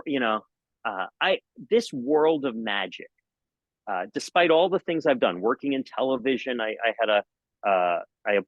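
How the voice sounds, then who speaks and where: Animated man telling stage stories. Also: no echo, lo-fi sound. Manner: lively, jokey, acts out anecdotes with sudden high exclamations. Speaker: magician and mentalist guest. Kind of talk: animated storytelling in a podcast interview.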